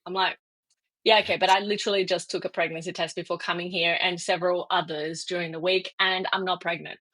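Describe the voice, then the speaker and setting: A woman's voice: fairly low pitch, quick pace. A middle-aged woman, a guest expert, telling a personal story in an interview and acting out the dialogue. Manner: animated, acts out quoted dialogue with laughs.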